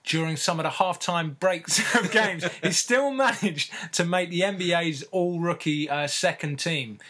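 A man telling a story in casual podcast chat, laughing often and filling pauses with ums and uhs. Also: a little high, sharp tone.

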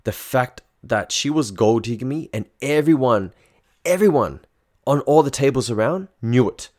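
A man's voice: medium pitch, normal speed, a little mellow. A man telling a frank, casual first-person story, swearing freely.

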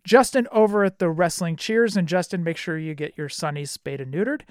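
A man hosting a podcast, giving friendly shout-outs in a casual chat and laughing often. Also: high-pitched, fairly quick, smooth, no room sound, studio quality. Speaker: podcast host.

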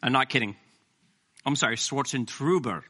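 A middle-aged man preaching a sermon as pastor, animated and joking with the congregation. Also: mid-range voice, moderate pace, breathy edge.

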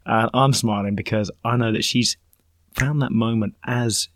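A man in his forties, a skydiving instructor, chatting casually and briskly, acting out what people said to him. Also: medium pitch, steady tone, dry recording, clean studio sound. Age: 40s. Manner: brisk and enthusiastic, acts out quoted lines. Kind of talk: casual chat.

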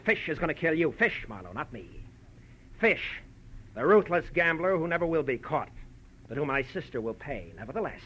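A smug, menacing swindler. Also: male voice, a little high, a bit bright, highs cut off. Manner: menacing, gloating. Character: scheming male swindler with a gun, cold and smug. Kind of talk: 1940s radio acting.

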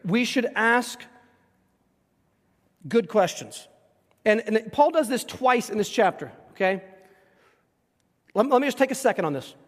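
High-voiced preacher in a reverberant hall. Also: male voice, measured pace, long pauses. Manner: animated, acts out quoted voices, emphatic rhetorical questions. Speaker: pastor. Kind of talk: expository sermon.

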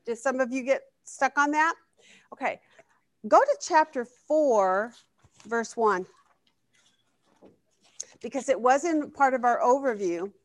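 A woman's voice: sits high, lively intonation, slow pace, pauses often, dry recording. A woman teaching a Bible study class in a conversational way, often asking the group questions. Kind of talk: interactive Bible lesson.

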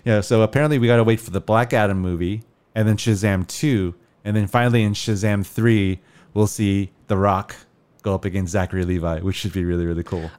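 Smooth-voiced man hosting a movie podcast. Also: on the low side, fairly even intonation, a little mellow. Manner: upbeat, reads show announcements briskly. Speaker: podcast host. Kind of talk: casual movie podcast chat.

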